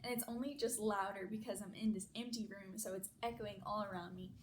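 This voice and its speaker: A woman's voice: medium pitch, steady tone, brisk. A young woman telling a personal story in a chatty, casual way, full of "like" fillers. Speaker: vlogger. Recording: echoey room, faint noise.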